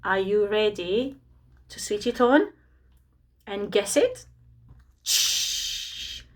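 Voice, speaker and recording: A woman teaching preschool children, gentle and encouraging as she leads a reading game. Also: medium pitch, lively intonation, slow pace. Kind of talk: children's lesson.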